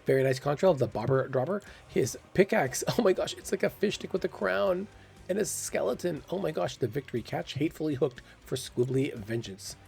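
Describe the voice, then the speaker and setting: A man's voice: a little high, lively intonation, fairly quick, creaky, a little mellow, faint music behind. A man hosting a gaming channel, giving casual, curious commentary and thinking aloud with exclamations. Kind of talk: casual game commentary voice-over.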